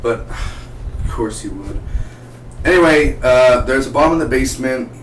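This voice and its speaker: Casual male TV reviewer, rambling and animated, echoey room with faint noise behind. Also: medium pitch, unhurried. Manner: rambling, animated, acts out characters' lines. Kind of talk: casual episode recap. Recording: roomy, distant from the mic, faint noise.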